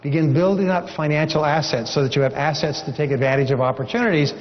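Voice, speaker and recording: A man delivers a motivational seminar speech in a fairly high, emphatic voice, repeating lines for effect as he tells a story. His voice carries a long reverb through a large hall. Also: quick pace, dull audio. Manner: emphatic, repetitive, encouraging. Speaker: seminar speaker.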